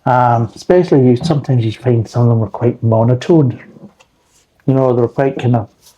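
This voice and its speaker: A man's voice: medium pitch, moderate pace, warm tone, lo-fi sound. A man reviewing beer in a rambling, blunt casual chat, swearing freely.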